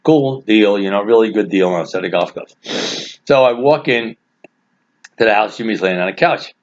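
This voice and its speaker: A man casually telling a family anecdote, animated and laughing through his own story. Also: on the low side, moderate pace. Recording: dull lo-fi recording.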